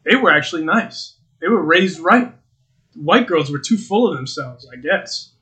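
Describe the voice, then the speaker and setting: A man's voice: fairly high pitch, moderate pace. A young man co-hosting a podcast, telling stories in blunt, profane, casual banter. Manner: blunt, profane, lively storytelling. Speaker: podcast co-host.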